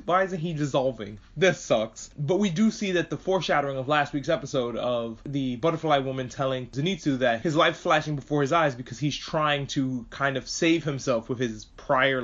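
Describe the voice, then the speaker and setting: A man giving a casual spoken anime review, excitable and profane, gushing over what he watched. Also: mid-range voice, normal speed. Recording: dull lo-fi recording.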